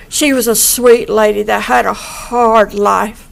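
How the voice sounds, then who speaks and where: A woman's voice: medium pitch, fairly even intonation, slow pace, creaky. A middle-aged woman giving a raw, angry victim impact statement in a courtroom, blunt and swearing, repeating herself and at times near tears.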